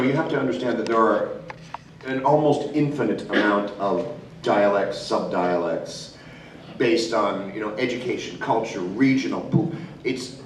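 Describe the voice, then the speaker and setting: A lively middle-aged man who tells stories on a convention panel, laughing often and bouncing into voices as he goes. His pitch swoops up and down. He is recorded from some distance in an echoey hall, with faint room noise behind him. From Australia. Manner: animated storyteller, laughs often, slips into voices. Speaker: voice actor panel guest. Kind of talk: convention panel talk, anecdotal. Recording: echoey hall, mic from far off.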